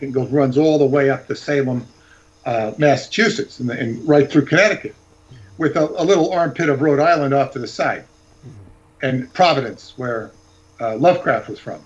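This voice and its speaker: A man's voice: mid-range voice, highs cut off. A man talking as a guest author, telling rambling, digressive anecdotes in casual chat.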